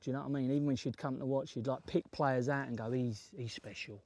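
A man hosting a casual chat, matey and quick to banter. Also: mid-range voice, steady tone, darkish tone. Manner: matey, banters and laughs along. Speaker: host.

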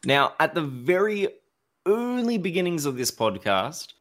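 A man's voice: a little high, big pitch swings, fairly bright tone. A man co-hosting a podcast in casual chat, drawing out his words and laughing along. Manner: slow, drawn-out delivery with laughs. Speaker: podcast co-host.

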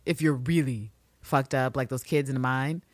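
A woman co-hosting a casual recap podcast, talking in an animated, sarcastic, profane way into a studio mic. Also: rumbling low, moderate pace, dry recording. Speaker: podcast co-host.

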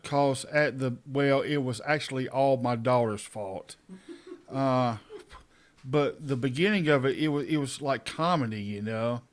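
A man's voice: medium pitch, unhurried, slight background noise. A middle-aged man co-hosting a podcast in casual chat, a chatty storyteller who laughs often. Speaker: podcast co-host.

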